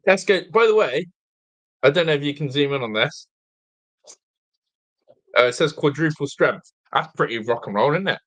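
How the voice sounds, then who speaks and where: A young man hosting a live football watch-along, chatting excitedly, reacting to play and reading viewer comments aloud, with a slightly blocked nose. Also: on the high side, moderate pace, long pauses. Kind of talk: live fan commentary and chat.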